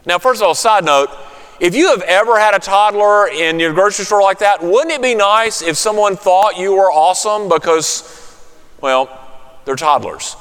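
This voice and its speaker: Guy preaching a sermon, kinda high voice, really smooth, big reverby hall. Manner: storytelling, drops to a hushed soothing voice for comfort. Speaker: pastor.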